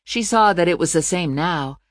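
An audiobook narrator reading fiction in a measured, steady storytelling voice. The pitch sits in the middle range. The recording is dry and close, with no room sound. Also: no echo. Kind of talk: scripted narration.

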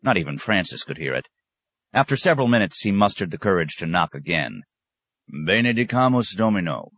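Man, audiobook narration, very deep voice, dry close sound, measured reading. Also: sing-song, fairly bright tone, no room sound, lo-fi sound. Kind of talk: scripted narration.

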